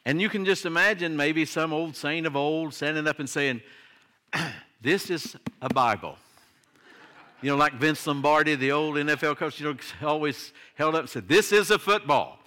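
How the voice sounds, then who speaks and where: A man's voice: fairly high pitch, fairly even intonation, moderate pace, sharp tone, clear, resonant tone. An older man, a pastor delivering a sermon in a conversational style that swings into emphatic declarations.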